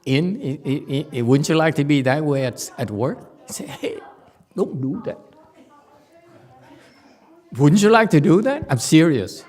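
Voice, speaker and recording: A man giving a Chan Dharma talk as a Buddhist meditation teacher, animated and teasing, laughing often. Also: on the high side, unhurried, pauses often.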